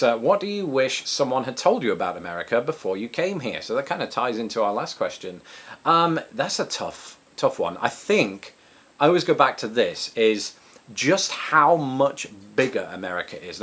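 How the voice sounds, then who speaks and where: Chatty Englishman with a lowish voice. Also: a bit bright. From England. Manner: chatty, self-deprecating, many ums and restarts. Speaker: vlogger answering viewer questions. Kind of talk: casual chat. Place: home in Chicago.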